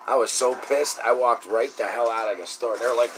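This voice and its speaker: A man's voice: medium pitch, normal speed, hardly any pauses, a little hiss or hum. A man telling a long, profane, indignant story in casual talk. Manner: indignant, profane, rising to shouting. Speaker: host.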